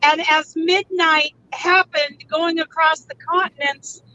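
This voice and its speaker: A woman's voice: extremely high pitch, fairly even intonation, slow, pushed and bright, highs cut off. A woman guest chatting casually and enthusiastically on a live crafting stream. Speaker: guest, event organizer.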